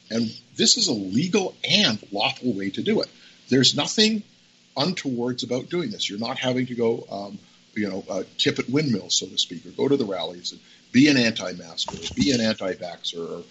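A man talking as a guest on a talk show, an animated storyteller with folksy sayings. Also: on the low side, moderate pace. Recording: dull audio with faint background noise.

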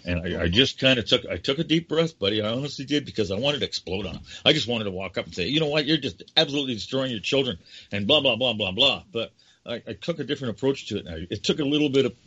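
A man's voice: medium pitch, lively intonation, fast talker, pushed and bright, slightly rough. An older man hosting a talk show, rambling and impassioned, often calling his guest by name. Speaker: radio show host. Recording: dull lo-fi audio.

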